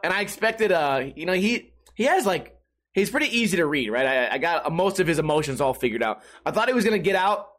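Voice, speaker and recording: Young man, high voice, podcast host, casual, rambling, swearing, self-mocking. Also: a bit bright. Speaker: podcast host streaming live. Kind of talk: casual solo podcast storytelling.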